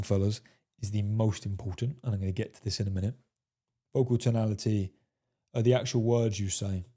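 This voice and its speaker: A dating coach with a dark, medium-pitched voice speaks directly to his viewers in a monologue to camera. He's emphatic and profane, scattering "fellas" and "right?" throughout.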